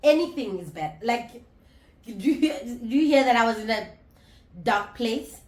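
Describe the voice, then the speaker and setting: A woman in her thirties talking candidly to camera in a casual vlog, reflective and halting, often restarting her sentences. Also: fairly high pitch, expressive, darkish tone. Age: 30s. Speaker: vlogger. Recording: roomy echo.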